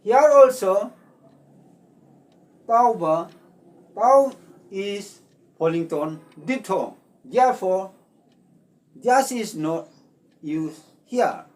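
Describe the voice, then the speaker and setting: A language teacher from Manipur, explaining spelling slowly and deliberately, repeating words. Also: mid-range voice, animated, a little mellow, distant mic. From Manipur, India. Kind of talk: slow explanatory lesson.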